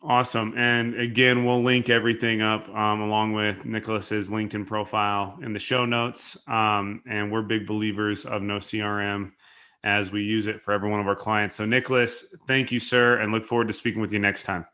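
Upbeat podcast host, bright low voice. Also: male voice, level tone, brisk, clean tone. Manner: upbeat, casual, many fillers. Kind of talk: podcast interview.

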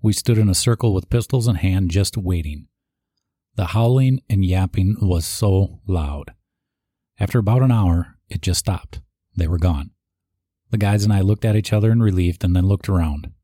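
A man's voice: deep voice, normal speed, dark tone, dry recording, clean studio sound. A man reading written tributes aloud, sometimes stopping to add his own asides. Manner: reads aloud, with asides and restarts. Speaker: eulogy reader.

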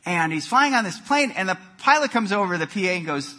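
A man preaching a sermon, telling jokes and stories with animated emphasis and frequent repeated words. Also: high voice, fast, hardly any pauses. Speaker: pastor.

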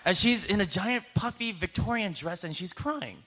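A man telling a strange dream to a group, animated and laughing as he goes. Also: high voice, moderate pace, background noise. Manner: animated storytelling, laughing through it. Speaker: group member sharing a dream.

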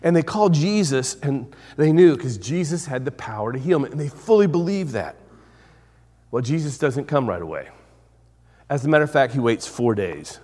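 A man delivering a sermon in a mid-range voice. He swings between bold, rising emphasis and quiet, drawn-out phrases, repeating key words as he goes. His voice carries with a long reverb trail, as if spoken in a large hall. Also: medium pitch, expressive. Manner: dynamic preaching, swinging from loud to hushed, with repeated phrases. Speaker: pastor.

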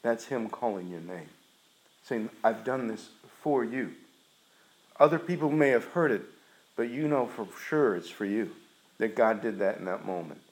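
A man's voice: on the low side, animated, normal speed, low-quality recording. A man preaching a sermon, retelling a scripture story in an earnest, emphatic way.

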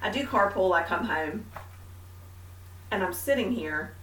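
Animated storytelling woman, echoey room. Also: medium pitch, unhurried, far from the mic, slight background noise. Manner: animated storyteller, mimics herself. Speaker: podcast co-host. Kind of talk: casual faith chat. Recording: echoey room, a bit off-mic.

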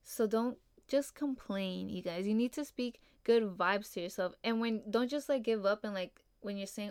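A woman's voice: medium pitch, moderate pace, few pauses, a little mellow, clear, resonant tone, no echo, studio quality. A young woman hosting a casual solo podcast, talking in a laid-back, upbeat way and filling her speech with "like" and "you know". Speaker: podcast host.

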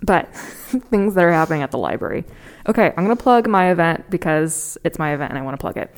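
A woman's voice: on the low side, lively intonation, quick pace. A woman co-hosting a librarian podcast, chatting casually and laughing often.

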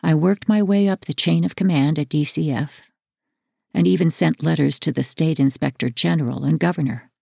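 A woman narrating a first-person memoir audiobook in a measured, earnest reading. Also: deep voice, creaky, warm tone, husky, no echo, studio quality.

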